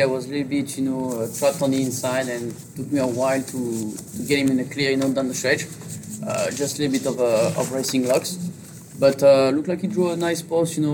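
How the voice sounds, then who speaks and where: Brief: a man with a French accent, a jockey being interviewed, speaking in a halting, filler-heavy way over clear background noise. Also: medium pitch. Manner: halting, filler-heavy speech with many "you know"s. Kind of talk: interview on horse racing.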